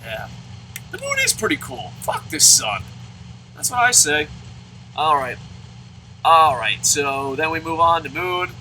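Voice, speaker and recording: A man's voice: fairly high pitch, wildly swooping pitch, unhurried, pauses often, background noise. A man hosting a let's play, commenting on a baseball game and answering viewer comments in a profane, ranting way.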